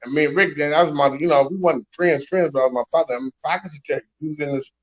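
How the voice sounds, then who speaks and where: A man's voice: a little high, fast. A man hosting a casual chat, telling stories in street slang and acting out the people he quotes. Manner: animated storyteller, raunchy slang, acts out quotes. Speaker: show host. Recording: slightly dull lo-fi recording.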